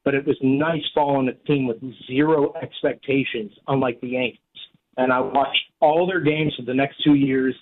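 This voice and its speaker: A man's voice: mid-range voice, steady tone, moderate pace. Grateful male caller on a phone line. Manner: heartfelt, grateful. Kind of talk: phone-in call to radio.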